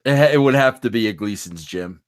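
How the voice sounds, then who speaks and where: A middle-aged man chatting as a podcast guest, telling stories excitedly and calling everyone "bro". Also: fairly low pitch, a little fast. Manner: excitable, storytelling, says "bro" often. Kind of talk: casual podcast chat.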